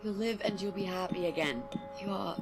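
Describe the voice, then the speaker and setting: An actress voicing a gentle, self-sacrificing young woman in a video game, speaking softly and tenderly. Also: mid-range voice, brisk, natural voice. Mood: pleading. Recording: game audio with very loud music.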